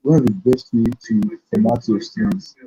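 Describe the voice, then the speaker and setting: A man teaching a live-streamed programming lesson, thinking aloud in halting phrases as he types. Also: mid-range voice, sing-song, creaky, dark tone, husky. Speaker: programming tutor. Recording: dull lo-fi stream audio.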